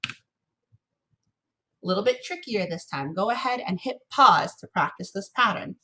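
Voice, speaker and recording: Woman music teacher for a recorded class lesson, bright and slightly husky, patient and encouraging. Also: mid-range voice, expressive. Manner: patient, encouraging, chants rhythm syllables slowly.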